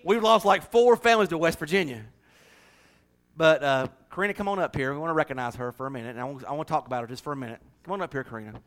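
Folksy pastor with a higher voice. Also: male voice, racing, fairly bright tone. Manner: folksy, joking, chatty. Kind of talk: sermon with church announcements.

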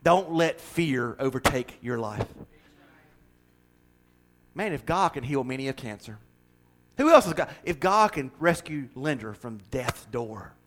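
A middle-aged man preaching a folksy, joking sermon that swells into fervent, loud passages. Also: medium pitch, expressive, measured pace, long pauses. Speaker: pastor.

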